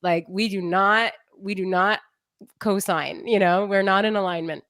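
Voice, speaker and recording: A young adult woman co-hosting a podcast in casual chat, animated and often laughing, mock-exasperated as she rants. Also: medium pitch, measured pace, no echo, studio quality. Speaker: podcast co-host.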